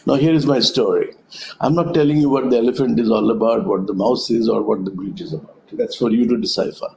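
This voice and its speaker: A man speaks at an even middle pitch with a soft, mellow tone. He gives a reflective talk over a web call. He unfolds his ideas slowly through stories and metaphors. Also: vocal fry, a little hiss or hum, poor audio. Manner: thoughtful storyteller, speaks in metaphors. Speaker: conference speaker. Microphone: web conference call.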